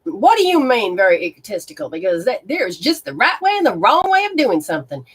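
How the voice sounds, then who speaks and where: A woman's voice: mid-range voice, very animated, a little fast, husky. A woman hosting a live stream as a spiritual reader, talking casually and bluntly with viewers, swearing and exclaiming as she goes. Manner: blunt and exclamatory, swearing, reacting aloud to sensations.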